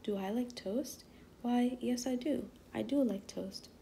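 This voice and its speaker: A stern storybook police officer who likes his rules, voiced by a woman reading aloud. Mellow and a little gravelly, delivered in a measured, hushed way. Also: on the high side, a little hiss or hum. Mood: officious.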